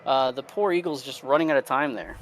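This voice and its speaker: A man casting esports play-by-play with quick running calls, later asking players questions. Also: medium pitch. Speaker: play-by-play caster. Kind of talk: esports commentary.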